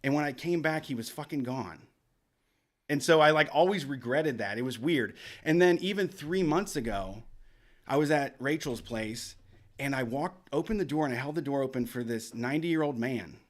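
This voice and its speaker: A man's voice: mid-range voice, moderate pace. A man hosting a radio show, telling a long story in a rambling, profane, casual way. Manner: profane, rambling, with lots of restarts. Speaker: podcast host.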